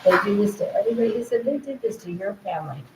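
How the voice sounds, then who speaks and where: A woman's voice: mid-range voice, very animated, quick pace. A woman in an agitated, rambling monologue, repeatedly relaying what others told her. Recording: roomy echo, faint background noise.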